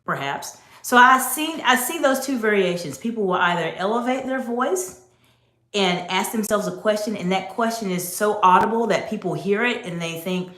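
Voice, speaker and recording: A woman coaching her audience on speaking skills, direct and emphatic as she addresses the listener. Her voice sits at a middling pitch. The recording carries a roomy echo. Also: lively intonation, moderate pace, a bit bright. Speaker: executive communication coach. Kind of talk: instructive coaching talk to camera.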